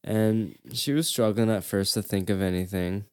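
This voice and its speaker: A man hosting a podcast in casual chat, relaxed and mostly giving short replies. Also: fairly low pitch, moderate pace, clean tone, no echo, studio quality. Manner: relaxed, brief backchannel replies. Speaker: podcast host.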